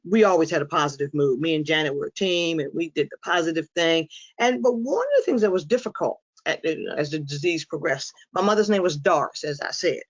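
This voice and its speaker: Animated woman speaker, muffled recording. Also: low voice. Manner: lively storyteller who acts out quoted lines; frank and humorous. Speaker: inspirational speaker on dementia caregiving. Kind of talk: presentation to a support audience.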